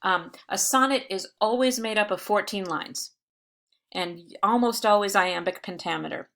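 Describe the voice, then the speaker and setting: A woman's bright, clear voice sits a little low, as she teaches a recorded lesson. She explains patiently and steadily, with plenty of fillers and small restarts. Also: moderate pace. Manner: reads verse with exaggerated stresses. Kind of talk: recorded lecture video.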